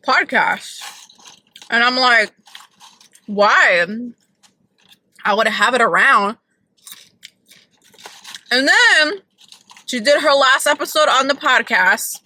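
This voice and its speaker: A woman's voice: high-pitched, sharp tone, low-quality recording. A woman vlogging from her car, chatting casually and opinionatedly about celebrity gossip with lots of "like".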